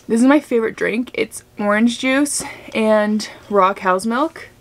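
A woman's voice: a little high, normal speed. A young woman vlogger chatting casually and gushing while she does makeup and unboxes packages at home. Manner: gushing, chatty, many fillers.

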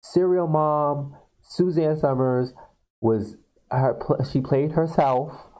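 A man casually retelling film scenes to viewers on his video channel, talking in an animated way with many fillers. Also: a little high, slow pace, poor audio. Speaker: video blogger. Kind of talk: casual storytelling.

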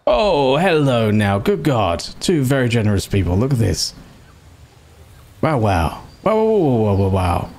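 A British man giving casual, excitable gameplay commentary, sarcastic and quick to swear. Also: fairly low pitch. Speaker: gaming streamer.

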